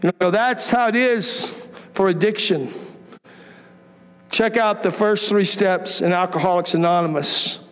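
A man with a high voice preaches with emphatic, impassioned conviction. His words ring out with a long reverb, like a church sanctuary. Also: unhurried. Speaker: pastor. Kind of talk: sermon.

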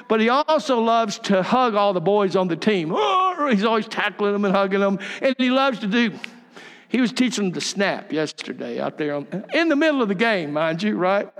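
A man's voice: high-pitched, long reverb tail. An older man preaching a sermon, telling folksy stories with chuckling asides. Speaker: pastor.

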